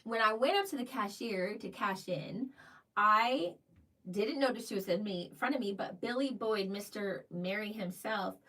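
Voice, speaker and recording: A woman's voice: mid-range voice, normal speed, bright, forceful tone, distant mic, low-quality recording. Giggly chatty woman co-hosting a live show. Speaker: co-host of a live cruise show. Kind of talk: casual live-stream chat.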